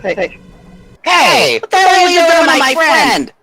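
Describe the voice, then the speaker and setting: A man playing a brash young kid in a tabletop game, yelling indignantly to defend a friend. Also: very high voice, wildly swooping pitch, slow, a crowd in the background, pitched above the performer's own voice, full character voice, low-quality recording.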